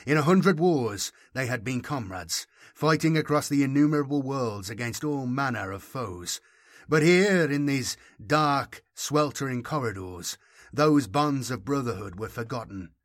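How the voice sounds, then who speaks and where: Man, mid-pitched, narrating a dark story with grave, steady gravity; dry close-mic read. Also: unhurried, dry recording. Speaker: audiobook narrator. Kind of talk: scripted dramatic narration.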